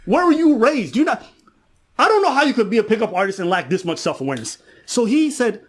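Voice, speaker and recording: Very animated and fast, the man's high voice carries a casual podcast rant. As a commentator he mocks, spins stories, and acts out the lines of other people.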